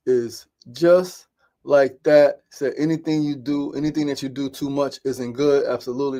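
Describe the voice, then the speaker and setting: A man's voice: mid-range voice, mellow. A middle-aged man hosting a daily talk show, speaking casually and openly, swearing often, repeating phrases and checking in with "right?".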